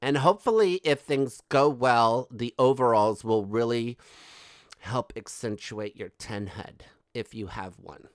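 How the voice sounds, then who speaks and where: A soft, self-absorbed celebrity woman, as a man mocks her, murmuring her lines lazily and slowly, thrilled with herself. The voice sits dry and close, with no room around it. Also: medium pitch, no echo, lightly acted. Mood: smug. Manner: soft, airy and self-absorbed, full of "oh my God" and "like". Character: mocking impression of a vain, scatterbrained celebrity woman.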